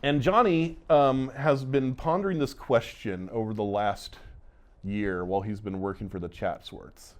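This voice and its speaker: Animated man retelling a book. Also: fairly low pitch. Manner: animated, acts out characters' lines in quick voices. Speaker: podcast co-host. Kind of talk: casual book discussion, retelling scenes.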